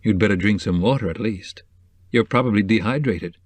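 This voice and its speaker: A man voicing a calm, kindly middle-aged male newspaperman who speaks in a reassuring way. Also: lowish voice, brisk, no echo, close to an everyday voice. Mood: concerned.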